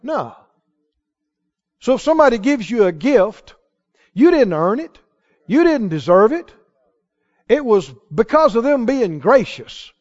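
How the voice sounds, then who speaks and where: A man with a very high voice preaches with lively, swinging pitch. He keeps asking his congregation questions. The recording sounds dull and lo-fi. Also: a little slow, pauses often. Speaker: pastor. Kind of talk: sermon.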